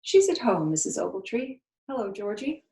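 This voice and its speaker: A woman's voice: mid-range voice, moderate pace, echoey room, voice pushed up, natural voice. A woman reading aloud and voicing a spirited eleven-year-old girl, earnest and a little flustered.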